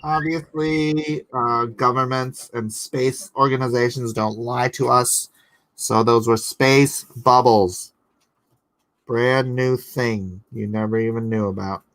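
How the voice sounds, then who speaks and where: A man chatting casually on a livestream and answering chat comments. His talk is rambling and sarcastic, with frequent laughter, at an average pitch. The sound is dry, with no room echo. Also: fairly even intonation, takes it slowly, a bit bright. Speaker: livestream host and artist.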